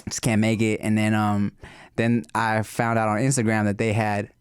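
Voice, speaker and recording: A man's voice: on the low side, flat delivery, normal speed, clean tone, no echo, studio quality. Laid-back man on a podcast. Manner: laid-back, laughing, swears casually. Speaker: podcast co-host. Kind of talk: casual podcast chat.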